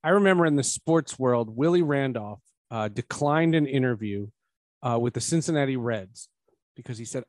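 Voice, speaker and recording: A man hosting a podcast, chatting casually about a film and rising to emphatic, animated points. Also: mid-range voice, moderate pace, no room sound. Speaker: podcast host. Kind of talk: casual film review chat.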